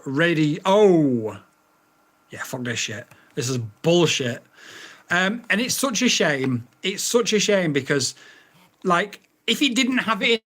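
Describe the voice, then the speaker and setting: A man in a casual review vlog, his pitch leaping all over as his patience runs out. He swears and keeps repeating the same voice commands, exasperated and blunt. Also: bright, forceful tone. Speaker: vlogger reviewing a drone radio.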